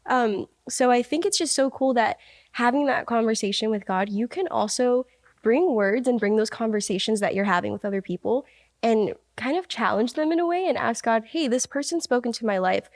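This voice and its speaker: Woman podcast host, a bit high-pitched, encouraging, dry close mic. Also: moderate pace, dry recording. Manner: warmly affirming, many backchannels. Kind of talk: casual podcast conversation.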